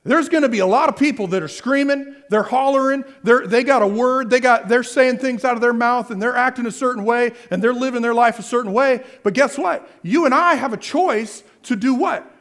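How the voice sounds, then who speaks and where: A man preaching as pastor speaks very high-pitched and fairly quick, with few pauses and a fairly bright tone. He questions the crowd and answers himself, repeating his key phrases over and over.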